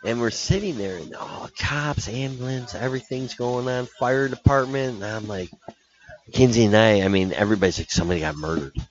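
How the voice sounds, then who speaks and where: A man's voice: medium pitch, normal speed, a little hiss or hum. A man, a hockey coach, telling a rambling road-trip story in casual podcast chat. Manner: animated, laughing storyteller with many restarts. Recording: dull lo-fi podcast audio.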